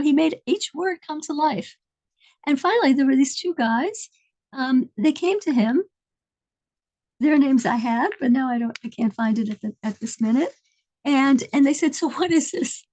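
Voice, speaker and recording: A woman's voice: fairly high pitch, mellow, poor audio. A woman telling an inspirational story in a conversational lesson, meandering as she searches for details.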